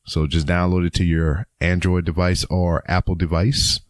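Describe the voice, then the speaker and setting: A man's voice: low-pitched, level tone, moderate pace, no room sound, clean studio sound. A young man from Louisiana hosting his own podcast, rambling casually through announcements with plenty of ums and chuckles. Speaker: podcast host. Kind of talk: casual solo podcast outro.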